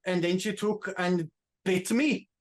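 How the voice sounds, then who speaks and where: A man voicing a lovesick young Swedish immigrant who hunts monsters, speaking with a put-on Swedish accent and halting English. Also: sits high. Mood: dreamy. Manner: halting, searching for English words. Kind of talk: tabletop role-play in character.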